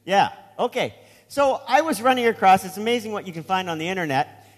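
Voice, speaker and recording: A man's voice: sits high, a little fast, in a large hall. A man preaching a sermon as pastor, telling a story in a conversational way with asides.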